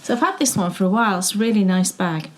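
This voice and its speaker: A woman's voice: medium pitch, lively intonation, fast, slight background noise. A middle-aged woman co-hosting a knitting show, chatting casually and telling stories with frequent laughs. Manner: chatty, storytelling, laughs often. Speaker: podcast co-host.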